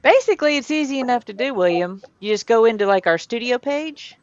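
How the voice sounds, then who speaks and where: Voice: mid-range voice, lively intonation, a little fast, no echo, muffled recording. A livestream host chatting casually and thinking aloud while running the stream.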